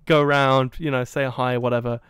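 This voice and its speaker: A young man from England hosting a podcast, telling a story in a casual, animated way and acting out the quoted dialogue. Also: medium pitch, fairly quick, clear, resonant tone, no room sound, studio quality. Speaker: podcast host.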